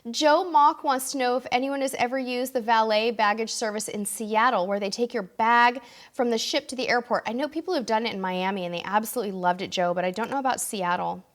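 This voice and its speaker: A woman's voice: on the high side, fairly quick. A woman hosting a casual live question-and-answer stream, reading viewer comments aloud and answering them, tired and losing her voice.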